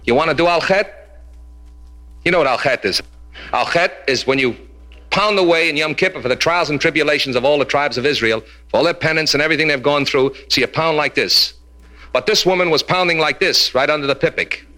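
A man doing stand-up comedy, telling quick jokes with Yiddish punchlines and slipping into character voices. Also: fairly high pitch, sharp tone. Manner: rapid storytelling, drops into Yiddish phrases and character voices. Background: audience laughter.

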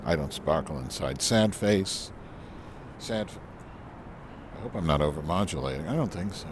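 A vlogger rambles into a handheld recorder fitted with a new windscreen, making crude jokes and repeating silly phrases as a mic test outdoors in the wind. His low voice is expressive, at a moderate pace with long pauses. The background is noisy.

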